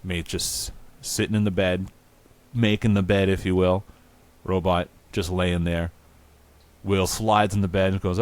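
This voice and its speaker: A man's voice: low-pitched, little pitch movement, unhurried, long pauses. A man hosting a podcast, improvising a crude comic story in a rambling, profane way and laughing at his own jokes. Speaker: podcast host. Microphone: remote recording.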